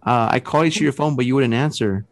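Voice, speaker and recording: A man voicing his middle-aged mother as a chatty, matter-of-fact woman, raising his voice higher for her. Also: fast, dry recording. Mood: surprised.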